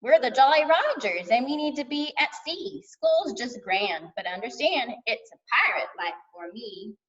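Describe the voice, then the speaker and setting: A woman voicing a young pirate boy who talks in a rough pirate way, for a storybook reading. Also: on the high side, lively intonation, measured pace, a bit bright, pitched above the performer's own voice. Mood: proud. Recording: distant dull lo-fi sound.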